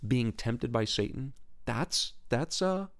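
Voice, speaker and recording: Speaking slowly, the host of a Christian podcast comes across as earnest and casual. He frequently repeats words and starts sentences over, and excitement sends his pitch shooting up.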